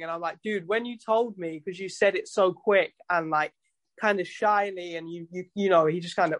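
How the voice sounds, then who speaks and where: A man's voice: high-pitched, normal speed, a bit bright, no echo. A man, a musician guest telling stories in a casual chat, rambling and swearing freely. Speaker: guest musician and tattoo artist.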